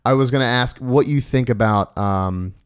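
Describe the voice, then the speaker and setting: A man's voice: mid-range voice, normal speed, clean tone. A man hosting a podcast, chatting casually and easygoing, hesitating with fillers as he asks questions. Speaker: podcast host. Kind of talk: casual interview chat.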